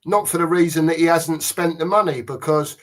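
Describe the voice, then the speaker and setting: A man with a Cockney accent co-hosting a casual pub chat show, blunt and quick to laugh. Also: a little high, steady tone. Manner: laughs often, blunt and chatty. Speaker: podcast co-host.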